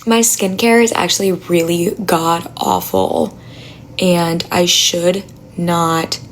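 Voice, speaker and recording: A young woman chatting on a phone livestream at home, talking quietly with a raspy, gravelly voice, blunt and chatty. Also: on the low side, animated, takes it slowly, a little hiss or hum, low-quality recording. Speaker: livestreamer answering chat. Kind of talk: casual live stream chat. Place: home apartment at night.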